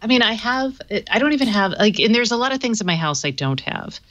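A woman's voice: on the high side, very animated, a little fast, a bit bright, dry recording, lo-fi sound. A woman co-hosting a tech talk show, chatty and explaining smart home gear with many fillers. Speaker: tech podcast co-host, smart home expert. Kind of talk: casual tech chat.

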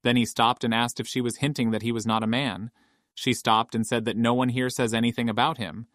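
A man reading a scripted story recap in a steady, matter-of-fact way. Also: medium pitch, a little fast, no echo, studio quality. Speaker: recap narrator.

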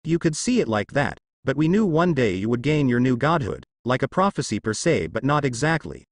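A stammering young goddess, soft-spoken and polite, read by a man. The voice rises and falls with plenty of movement. It sounds close and dry, with no room around it. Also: medium pitch, sing-song, brisk, no room sound. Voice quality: stuttering. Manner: gentle and polite.

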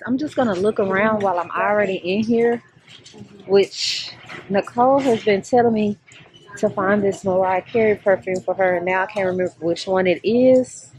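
A woman's voice: mid-range voice, moderate pace, slight background noise. A middle-aged woman, talking casually to camera in a daily vlog, chatty and laid-back. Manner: chatty and laid-back, loud and excited at times. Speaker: vlogger.

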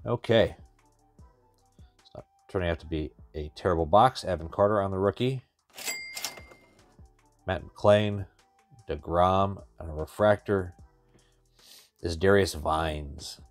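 A deep-voiced man talks his way through opening packs of cards in a loose, wry running commentary, half to himself and half to his viewers. Faint music sits underneath his voice. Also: slow pace, pauses often, dry recording. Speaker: card-breaking channel host. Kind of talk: casual pack-opening commentary.

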